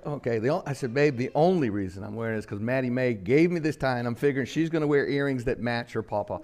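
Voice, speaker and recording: Older pastor; folksy storytelling sermon, mid-pitched voice, acts out quotes, slows for solemn lines. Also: male voice, expressive, darkish tone.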